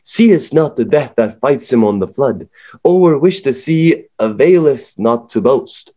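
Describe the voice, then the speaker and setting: A man with a mid-pitched voice reads old verse deliberately and with drama. His intonation moves a lot, rising and falling through each phrase. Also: dark tone, muffled recording. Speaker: co-host. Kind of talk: reading aloud, then casual chat.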